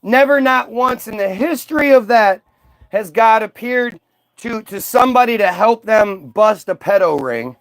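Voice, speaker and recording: A man's voice: very high-pitched, unhurried, fairly bright tone, dry recording. A man delivering a profane, sarcastic ranting monologue, mocking as he goes. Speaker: vlogger.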